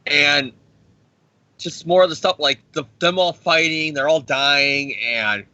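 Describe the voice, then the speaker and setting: A man co-hosting a podcast, recapping a comic book in a rambling, profane, excitable way. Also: on the high side, slow pace, no echo. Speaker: podcast co-host. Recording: dry, dull lo-fi sound.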